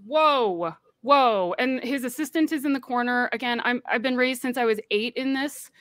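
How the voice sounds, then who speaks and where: A woman tells her own story with earnest feeling and briefly acts out the people she quotes. Her voice sits fairly high. The sound is close and dry, with no room echo. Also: fairly even intonation, fairly quick. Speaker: guest. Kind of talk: recounting a personal story on a livestream panel.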